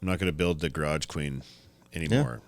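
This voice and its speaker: Speaking a little fast in a rumbling low voice with vocal fry, a man who builds custom motorcycles shares shop stories on a casual podcast. He swears, stays animated, and impersonates his customers.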